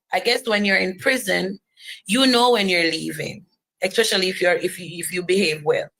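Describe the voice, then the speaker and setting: A woman's voice: fairly low pitch, vocal fry, a bit bright, low-quality recording. A woman giving earnest personal testimony, driving points home by repeating phrases.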